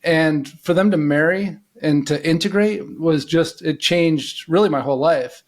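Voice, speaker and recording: This is a middle-aged man from the United States, a guest on a podcast, recounting his journey in a casual, meandering way. His voice sits a little high for a man. He leans on "you know" and "like" as he goes. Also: unhurried. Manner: relaxed and rambling, many "you know" fillers. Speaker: podcast guest, intuitive coach. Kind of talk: casual storytelling in an interview.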